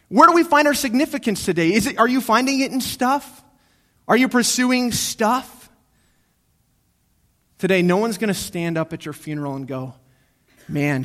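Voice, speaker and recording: High-voiced pastor preaching with dramatic swings. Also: male voice. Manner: swings between hushed, slow reflection and raised, urgent exhortation; repeats key phrases for emphasis. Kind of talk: sermon. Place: church.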